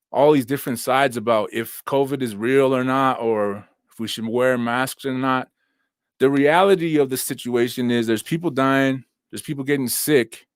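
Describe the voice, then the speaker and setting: Seated at home with a laptop and phone as he heals from injuries, a young male host runs a relaxed livestream. His mid-range voice comes through clean and echo-free, and his speech is slangy, easygoing, and packed with filler words.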